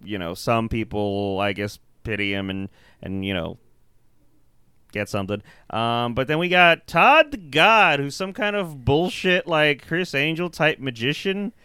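Animated man riffing on a movie. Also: medium pitch, a little slow, clear, resonant tone, no echo. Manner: animated, swearing, many fillers and restarts. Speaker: podcast co-host. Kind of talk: casual movie review chat.

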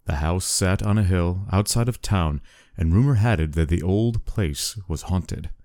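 A man casually telling a spooky story and chatting, relaxed and chuckling. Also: sits low, measured pace, no echo, studio quality. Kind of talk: casual spoken story and chat.

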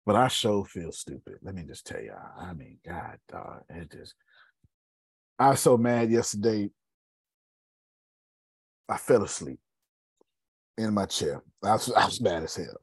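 A man's voice: fairly low pitch, darkish tone, husky, no room sound. A man hosting a coaching meeting, talking in a casual, blunt style, repeating points and swearing freely while calling on listeners by name. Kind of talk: casual motivational talk.

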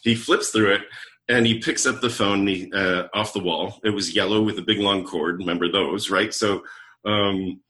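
A middle-aged leadership coach, appearing as a podcast guest, tells a personal story in conversation and animatedly acts out the lines of the people in it. His voice is on the low side and moves at normal speed.

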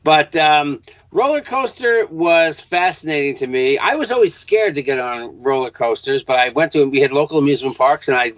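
A man's voice: a little high, lively intonation, normal speed, no echo. A man from Long Island with a New York accent, chatting as a podcast guest in a rambling, restarting way. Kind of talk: casual podcast chat. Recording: dull lo-fi sound.

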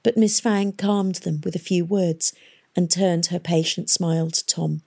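A woman reading an audiobook with an even storytelling delivery. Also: on the low side, measured pace, creaky, husky. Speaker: audiobook reader. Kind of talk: scripted narration.

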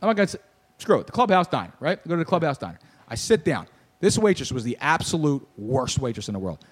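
A young man hosts a casual sports podcast with a fairly high voice. He tells stories in an animated way and rants with plenty of laughter. He riffs loosely on the other speakers and keeps the banter going. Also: fast talker. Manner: animated storyteller, riffing and ranting with laughs. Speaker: podcast host.

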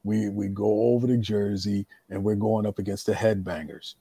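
A man telling wrestling stories in casual chat, animated, acting out what others said. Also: on the low side, moderate pace, breathy edge, no echo, studio quality. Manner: animated, acts out quotes, laughs often.

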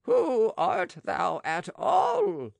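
A man putting on a creaky, quavering old magician. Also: sits high, very animated, extremely slow, no echo, pitched above the performer's own voice, exaggerated voice. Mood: defiant. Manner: quavering, theatrical lament. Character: weary, self-pitying old male magician. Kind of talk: audiobook dramatic reading.

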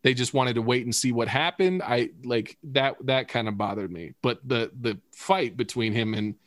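A man talking casually and excitedly, swearing freely and breaking into laughter. His voice sits at a middle pitch. The recording is dry and close, with no room sound. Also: normal speed, no room sound. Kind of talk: casual chat about a TV episode.

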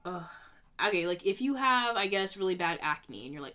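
A woman's voice: medium pitch, expressive, moderate pace, bright, forceful tone. A young adult woman vlogging in a casual, reflective way, earnest and rambling, with lots of "you know" fillers. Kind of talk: casual reflective vlog talk.

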